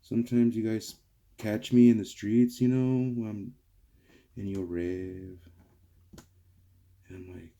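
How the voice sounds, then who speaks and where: A man's voice: lowish voice, fairly even intonation, slow pace, long pauses, mellow. A young man rambling casually to viewers in a garage vlog, calling them guys. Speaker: car vlogger. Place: home garage workshop.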